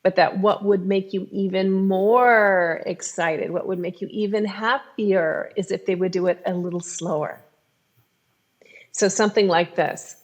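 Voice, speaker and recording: Woman therapist explaining calmly. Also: medium pitch, unhurried. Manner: calm, explanatory, instructive. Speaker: clinical sex therapist. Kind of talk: podcast advice discussion.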